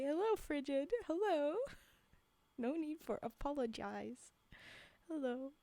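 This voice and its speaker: A woman's voice: high voice, animated, measured pace, darkish tone, no echo. A woman streamer reading folktales aloud on a live stream, breaking off for laughing asides to her chat. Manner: laughing asides to chat between read passages.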